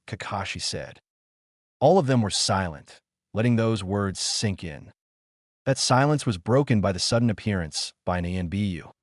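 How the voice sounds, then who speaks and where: A man narrating a fan fiction story in a lively reading voice. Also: on the low side, moderate pace, dry recording, studio quality.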